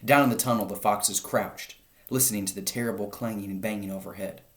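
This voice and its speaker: A man, a teacher, reading a children's story aloud to his class, lifting his voice for the shouted lines. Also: on the low side, fairly even intonation, a little fast.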